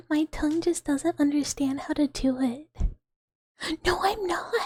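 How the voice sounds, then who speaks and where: A young woman streaming whispered ASMR chat, talking softly to her viewers and giggling often at herself, close to a sensitive microphone. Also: sits high, normal speed, no echo.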